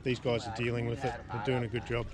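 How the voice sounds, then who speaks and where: A man's voice: medium pitch, flat delivery, fast, a loud crowd. A man, chatting enthusiastically as he vlogs his sailing travels outdoors. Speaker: sailing vlogger. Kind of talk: casual travel vlog narration. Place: outdoors, boat and road travel.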